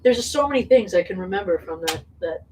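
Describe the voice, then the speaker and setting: A woman's voice: medium pitch, expressive, quick pace, darkish tone. A woman casually telling a rambling, laugh-filled story to a small live audience, full of fillers and swearing. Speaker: singer talking to an audience. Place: indoor venue with small audience. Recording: distant mic with faint noise.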